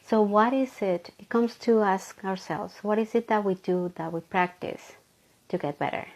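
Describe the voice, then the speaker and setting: A woman's voice: mid-range voice, normal speed, darkish tone, rough recording. A woman giving a live motivational talk from her home office, earnest and full of rhetorical questions to the listener. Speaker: motivational speaker.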